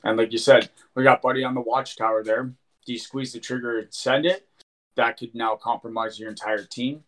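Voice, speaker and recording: Male guest, relaxed and plain-spoken, speaking in an ordinary mid-pitched voice. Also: moderate pace, poor audio. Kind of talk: casual chat.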